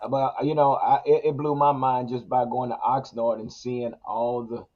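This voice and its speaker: A man's voice: medium pitch, flat delivery, normal speed, dull audio. A man hosting a casual podcast chat, laid-back and agreeable. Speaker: podcast host.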